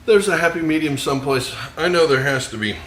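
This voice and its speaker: Man, home cooking host, mid pitch, jokey and eager, roomy kitchen sound with a faint hiss. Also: a little fast, fairly bright tone. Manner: jokey, enthusiastic, savoring food with murmured mms. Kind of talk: casual cooking vlog with tasting.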